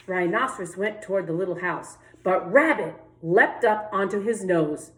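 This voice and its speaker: A woman's voice: fairly low pitch, moderate pace, hardly any pauses. A woman teacher reading a children's picture book aloud, giving each animal its own voice and inviting the kids to sing along. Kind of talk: children's read-aloud with sung refrain. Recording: echoey room.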